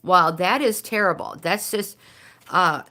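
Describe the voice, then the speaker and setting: Older woman, lowish voice, live-stream host doing card readings, halting and full of fillers. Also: pushed and bright. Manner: hesitant, searching for words, many fillers. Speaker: livestream host reading oracle cards.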